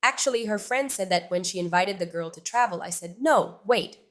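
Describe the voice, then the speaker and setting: Speaking a little fast in a fairly low voice, a woman shares a personal story with her viewers. She keeps it casual, chatty and animated, frequently addressing them directly.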